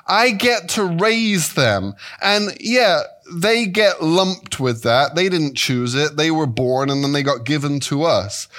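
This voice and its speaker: A guest Bible teacher from England, a man in his fifties, gives a sermon. He's animated and playful, with his pitch and pace shifting often.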